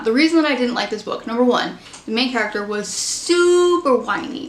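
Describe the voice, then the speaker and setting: A woman's voice: on the high side, animated, a little fast. Chatty woman reviewing books, echoey room. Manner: chatty, candid, opinionated. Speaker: book vlogger. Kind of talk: casual book review chat.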